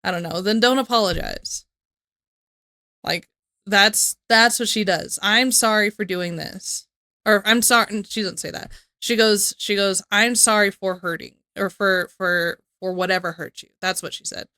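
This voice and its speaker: A woman's voice: medium pitch, fairly even intonation, normal speed, sharp tone, no room sound, clean studio sound. A young woman reacting to a video, talking casually in a rambling, exasperated way. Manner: rambling, exasperated, repeats herself. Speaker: reaction streamer.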